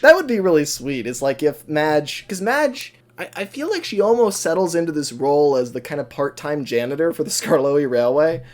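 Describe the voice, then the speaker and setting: A man's voice: fairly high pitch, big pitch swings, normal speed, hardly any pauses, a little mellow. A man co-hosting a podcast, chatting casually and animatedly, laughing often and using many fillers. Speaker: podcast co-host. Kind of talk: casual chat.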